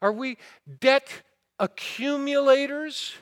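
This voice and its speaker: A man's voice: very high-pitched, slow, fairly bright tone. A man preaching a sermon, asking the listeners rhetorical questions and retelling a parable with rising fervor. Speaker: pastor.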